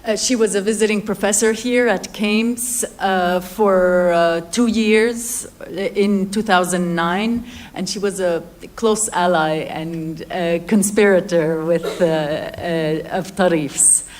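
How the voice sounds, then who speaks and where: A woman's voice: lowish voice, steady tone, a little mellow, slight background noise. A woman chairing a university panel, introducing the next speaker with frequent hesitations. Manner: hesitant, many "uh" pauses. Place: lecture hall.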